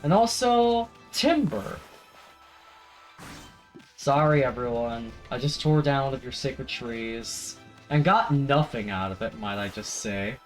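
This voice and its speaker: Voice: medium pitch, unhurried, soft background music, low-quality recording. A streamer giving playful, jokey commentary while playing a video game. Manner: playful, jokey asides and silly voices. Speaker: let's play streamer. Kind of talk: casual gameplay commentary.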